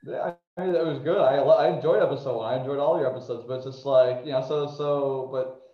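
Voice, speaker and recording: Man, author guest from New Jersey, smooth, rambling, reflective; echoey room, muffled sound. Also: mid-range voice, fairly even intonation, quick pace. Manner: rambling and reflective, many restarts. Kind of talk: casual conversation.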